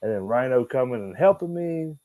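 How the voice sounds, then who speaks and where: A man, a guest in an interview, telling animated, profane stories and acting out the dialogue. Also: mid-range voice, brisk, no echo, rough recording. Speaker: guest, former wrestler. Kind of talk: casual storytelling interview.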